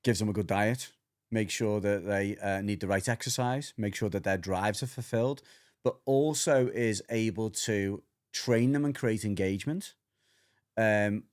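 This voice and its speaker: A man with a fairly low voice chats as a podcast co-host. He tells animated stories, slips into playful voices and curses casually while explaining dog behaviour. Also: measured pace. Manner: animated storyteller who acts out dog voices and swears freely. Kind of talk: casual chat.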